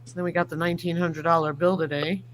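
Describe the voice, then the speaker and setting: A woman's voice: lowish voice, level tone, quick pace. A middle-aged woman hosting a casual livestream chat. She tells folksy stories and reads viewer comments aloud. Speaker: livestream host.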